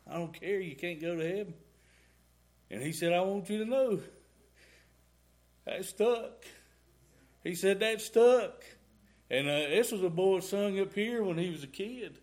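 A man's voice: high voice, moderate pace. Folksy man testifying in church. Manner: rambling folksy storytelling, y'all and ain't. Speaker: church speaker giving testimony. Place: church sanctuary.

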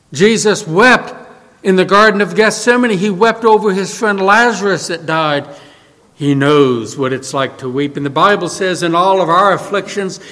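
A man preaching a sermon as pastor, moving from soft, low lines to loud, raised exclamations. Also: in a large hall.

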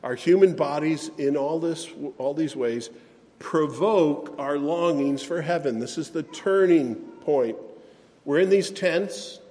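A man's voice: on the high side, slow, mellow, in a large hall. A man preaching a sermon as pastor, earnest and emphatic, with sighs and light self-deprecating asides.

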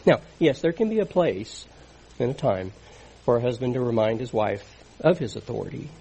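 A man's voice: mid-range voice, expressive, normal speed, mellow, husky, low-quality recording. A middle-aged man preaching a sermon in an earnest, conversational teaching manner.

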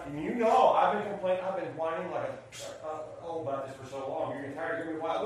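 A man's voice: on the high side, fast talker, few pauses, slight background noise. A man preaching a midweek sermon, folksy and joking as he tells stories to make his point. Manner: folksy, jokey storytelling preacher. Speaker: pastor. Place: church sanctuary. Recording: echoey church room.

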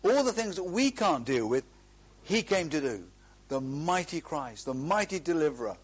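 A man's voice: fairly high pitch, sing-song, normal speed, breathy edge. A middle-aged man preaching a sermon, earnest and emphatic, drawing out key phrases and often restarting.

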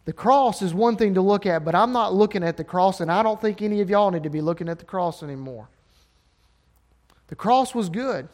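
Southern man preaching, high tenor, rises to emphatic peaks. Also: fairly quick, darkish tone. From Alabama. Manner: impassioned, rising to emphatic peaks. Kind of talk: sermon.

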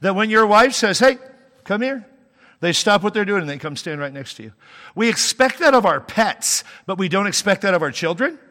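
A pastor preaching in a relaxed, talky way, breaking into humor and then rising into emphatic points. His voice sits a little high and rings bright and forceful. It carries the long reverb of a large church hall. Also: fairly quick. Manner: conversational preaching with humor and sudden emphatic rises. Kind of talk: sermon.

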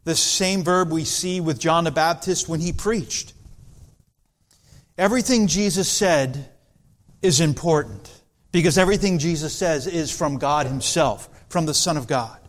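A man's voice: on the high side, a little slow. Earnest man preaching a sermon. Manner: earnest preaching, rising intensity when quoting scripture. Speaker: pastor. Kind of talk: expository sermon.

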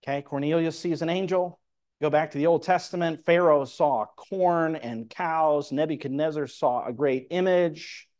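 A man's voice: fairly high pitch, normal speed, a little mellow. A man preaching, explaining a Bible passage verse by verse and reading scripture aloud. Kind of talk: Bible teaching sermon.

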